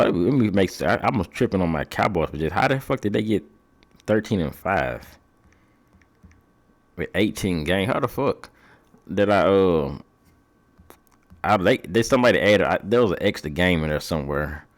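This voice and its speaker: A man's voice: low voice, lively intonation, moderate pace, long pauses. A young man hosting a podcast, chatting loosely through sports predictions in slangy, profane talk, thinking aloud as he goes. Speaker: podcast host.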